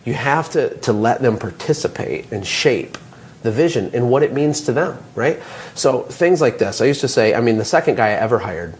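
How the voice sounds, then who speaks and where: A man guest on an interview show tells stories in a lively, motivational way. His voice sits in a middle register. He speaks casually and keeps building energy as he makes his points. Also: mid-range voice, normal speed, slight background noise. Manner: animated, motivational storytelling. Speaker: guest, small business owner and coach.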